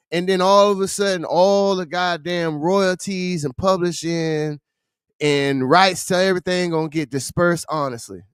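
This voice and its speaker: A man's voice: high voice, smooth, no room sound, clean studio sound. A man hosting a livestream, giving blunt, profane commentary in a ranting manner. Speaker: livestream host. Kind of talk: casual commentary stream.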